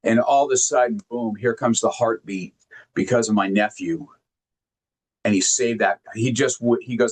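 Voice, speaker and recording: Earnest man telling heartfelt personal stories. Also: medium pitch. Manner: earnest, halting, repeats words when moved; emphatic, directly addresses listeners. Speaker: motivational speaker. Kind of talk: heartfelt storytelling talk.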